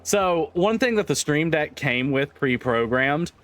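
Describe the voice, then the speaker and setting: A man's voice: on the high side, lively intonation, measured pace, noisy background. A man livestreaming, chatting casually with viewers, laughing often, swearing freely and rambling through restarts. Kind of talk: casual chat with stream viewers.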